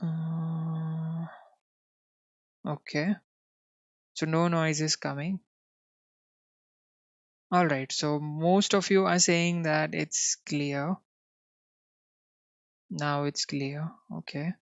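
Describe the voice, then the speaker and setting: A man's voice: fairly high pitch, little pitch movement, extremely slow, long pauses, no echo, muffled recording. A man with an Indian English accent teaching a live coding lesson. He fills his talk with "you know" and keeps checking in with his viewers. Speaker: coding instructor.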